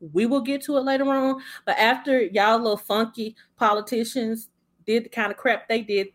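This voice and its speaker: A woman's voice: fairly high pitch, fairly even intonation, normal speed. A woman co-hosting a casual chat podcast, playful and laughing often. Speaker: podcast co-host.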